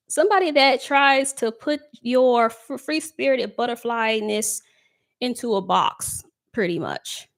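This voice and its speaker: A woman doing a relaxed live tarot love reading for her viewers. She talks in a loose, conversational way, reads out their comments and breaks into laughter often. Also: fairly high pitch. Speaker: tarot reader.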